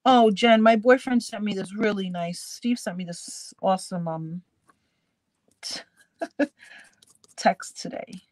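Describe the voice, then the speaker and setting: A woman's voice: mid-range voice, steady tone, slow, long pauses, a little mellow, no echo. A bubbly woman chats casually with the viewers of her crafting stream and breaks into laughter often. Her voice sits in a middle register. It sounds dry and close, with little room around it. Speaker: crafting channel host. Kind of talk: casual live-stream chat.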